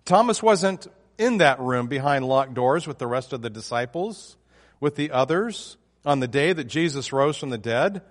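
A man's voice: fairly high pitch, in a large hall. A man preaching a sermon, emphatic and often restarting his phrases. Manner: emphatic, with frequent restarts and fillers.

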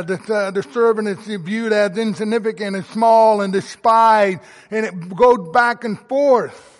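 High-voiced preacher in a reverberant hall. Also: male voice. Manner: emphatic preaching, swelling to loud emphasis then dropping soft. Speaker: pastor. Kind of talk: sermon.

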